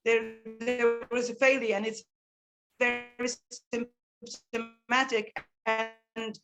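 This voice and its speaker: Impassioned high-voiced woman. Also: flat delivery, takes it slowly, over music, low-quality recording. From Ukraine. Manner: impassioned, with frequent restarts. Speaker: panelist. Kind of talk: panel discussion.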